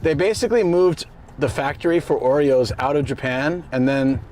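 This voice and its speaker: A man's voice: a little high, normal speed, darkish tone, a little hiss or hum. A man chatting casually with his viewers during a live stream, reading their messages and answering them as he goes. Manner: chatty, talks to viewers and reads chat. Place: outdoors on a bike ride.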